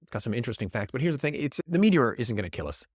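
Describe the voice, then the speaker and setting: Animated, sarcastic man podcasting. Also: mid-range voice, racing, husky, no echo, clean studio sound. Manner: animated, sarcastic, jumps into mock voices. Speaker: podcast host. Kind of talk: casual solo podcast commentary.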